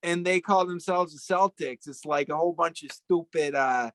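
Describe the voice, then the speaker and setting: A man's voice: fairly high pitch, moderate pace, a bit bright, dry recording, poor audio. A man chatting casually in a rambling, joking way, often searching for words. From Italian heritage. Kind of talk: casual chat.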